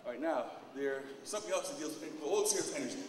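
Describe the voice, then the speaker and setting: A man gives a loose, hands-on demonstration to a live audience, talking volunteers through each step. His voice sits a bit high and comes from a distance. It rings around a large echoing hall over steady background noise. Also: racing. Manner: casual, instructing volunteers as he demonstrates; gets loud and animated in stories. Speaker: opening speaker at a lecture.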